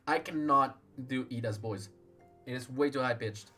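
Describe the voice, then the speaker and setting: A man's voice: mid-range voice, moderate pace, bright, forceful tone, soft background music. A man talking casually while streaming a game, with chatty, self-deprecating asides.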